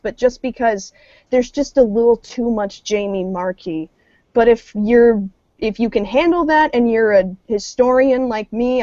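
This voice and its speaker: A woman's voice: on the high side, warm tone, no echo, highs cut off. A woman co-hosting a podcast in casual chat, rambling and sarcastic as she talks. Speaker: podcast co-host.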